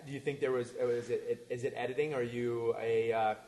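A man's voice: medium pitch, little pitch movement, normal speed, big-room sound, a crowd in the background. A man co-hosting a podcast recorded in a restaurant, chatting casually and teasing with rambling, self-interrupting sentences. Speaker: podcast co-host. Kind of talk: casual chat.

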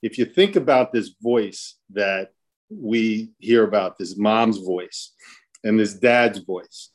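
A man moderates a live online panel of dads, a casual discussion he runs in a loose, rambling, joking way with frequent restarts. His voice is fairly low-pitched and slow.

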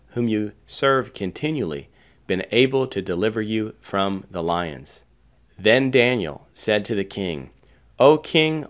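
A man preaching a sermon, reading scripture and asking the listeners earnest questions. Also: lowish voice. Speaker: pastor.

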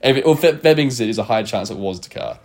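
A man in casual podcast chat, telling a story in an animated way, swearing freely and laughing often. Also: medium pitch, fast talker.

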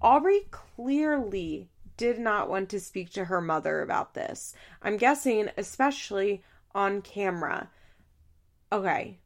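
A woman co-hosting a casual podcast recap, ranting and swearing in exasperation, sometimes mocking people in exaggerated high voices. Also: lively intonation, unhurried. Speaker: podcast co-host.

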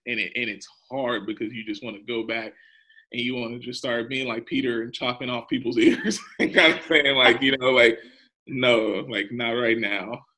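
A man's voice: medium pitch, steady tone, fairly quick, sharp tone, rough recording. A man, a pastor, speaking earnestly and openly in a podcast interview about his faith and hard times, with a nervous laugh now and then.

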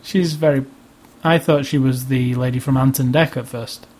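A man's voice: medium pitch, steady tone, moderate pace, a little mellow. Dry-humored British man reviewing films. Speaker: film review podcast co-host. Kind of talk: casual chat.

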